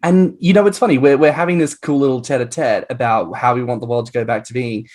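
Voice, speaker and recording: A man with an Australian accent, hosting a podcast in lively, campy casual chat and laughing often. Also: mid-range voice, quick pace. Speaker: podcast host.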